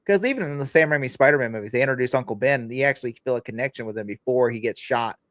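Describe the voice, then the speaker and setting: A young man hosting a casual chat, rambling quickly and swearing freely. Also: medium pitch, a bit bright, no echo. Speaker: podcast host.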